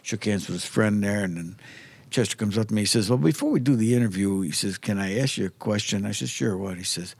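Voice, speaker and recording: A man's voice: lowish voice, fast talker, creaky, darkish tone, breathy edge. A man from New York, a podcast guest, telling a story in casual chat, acting out the dialogue and swearing freely.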